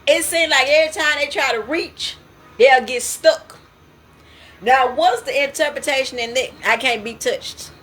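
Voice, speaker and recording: A young woman who interprets dreams spiritually describes one of her own dreams to her viewers in a casual monologue, speaking slowly with a slightly high, bright voice. She's animated, laughs often, and calls her audience "y'all," while soft music plays faintly in the background.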